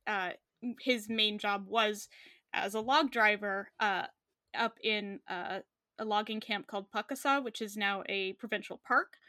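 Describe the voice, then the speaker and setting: Bright-voiced chatty young woman. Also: medium pitch, a little slow, no room sound, clean studio sound. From Canada. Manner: chatty, laughing often, many fillers. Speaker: podcast co-host. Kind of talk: casual chat.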